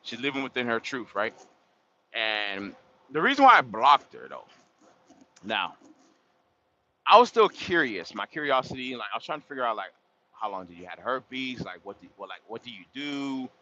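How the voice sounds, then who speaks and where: Animated slangy man, bright lo-fi voice. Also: medium pitch, moderate pace, pauses often. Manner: animated, slangy, laughs and exclaims often. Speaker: livestream host. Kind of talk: casual storytelling to a livestream chat. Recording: dull lo-fi sound.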